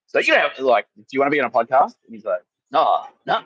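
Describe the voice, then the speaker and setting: Laughing man, husky rambling storyteller. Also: mid-range voice, very animated, very fast, dry recording, highs cut off. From Australia. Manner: rambling, laughing, swearing, acting out quotes loudly. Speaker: podcast host. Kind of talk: casual comedic storytelling.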